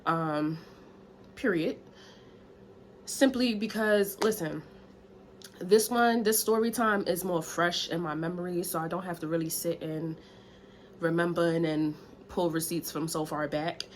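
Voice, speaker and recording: A woman's voice: fairly low pitch, unhurried, pauses often, a little hiss or hum. A woman, chatting candidly in a story time vlog, a little out of breath. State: slightly out of breath. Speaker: vlogger. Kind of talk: casual story time chat.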